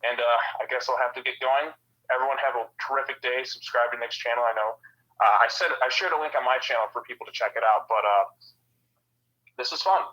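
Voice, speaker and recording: Young guy on the phone while walking, kinda out of breath, rambly and fast, muffled lo-fi sound. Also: mid-range voice, fairly even intonation, bright, forceful tone. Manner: rambling, scattered, with many uhs and likes. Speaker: podcast guest. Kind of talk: casual movie chat. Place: walking outdoors. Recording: dull phone-quality audio.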